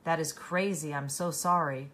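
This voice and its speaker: A woman's voice: deep voice, fairly even intonation, normal speed, fairly bright tone. A woman hosting a casual live stream, tired, reading out viewer comments and answering them by name with many fillers and restarts.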